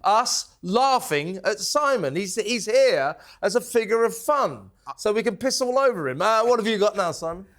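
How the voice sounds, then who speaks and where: Laughing man, high voice, teasing. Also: lively intonation, moderate pace, few pauses, a bit bright. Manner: teasing, laughing often, mock-insulting a guest. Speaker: host. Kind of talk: comedic panel chat reading viewer comments. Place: TV studio.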